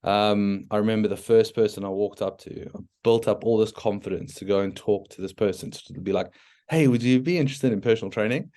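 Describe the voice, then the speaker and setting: A South African man, probably in his thirties, tells his story as a podcast guest. His voice sits a little low, and he talks frankly and with energy, often circling back with "like" and restarting his sentences. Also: fairly quick. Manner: frank and animated, many restarts and "like" fillers. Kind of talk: casual storytelling interview.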